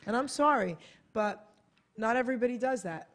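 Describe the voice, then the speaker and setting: A woman's voice: a little high, moderate pace. An American woman, a guest author on a radio talk show, chatting casually and acting out quotes as she tells a story. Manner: animated, acts out quotes in a bright voice. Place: radio studio.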